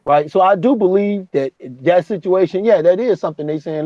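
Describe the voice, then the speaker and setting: A man co-hosting a casual chat, profane and animated, acting out what others said. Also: high-pitched, fairly quick, hardly any pauses, no echo, lo-fi sound. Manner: profane, animated, acts out quotes. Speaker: podcast co-host.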